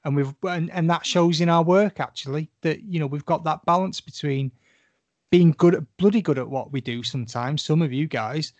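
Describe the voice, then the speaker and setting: A man's voice: on the high side, moderate pace, darkish tone, dry recording, muffled recording. A man chatting casually as a guest artist, talking frankly and rambling, with the odd swear word. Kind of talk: casual chat.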